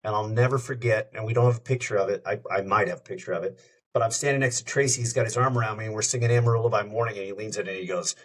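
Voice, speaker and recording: A man's voice: on the low side, racing. A middle-aged man, a radio host, telling anecdotes in a casual chat and wandering from one story to the next. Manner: rambling, jumps between anecdotes. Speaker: radio show host, podcast guest.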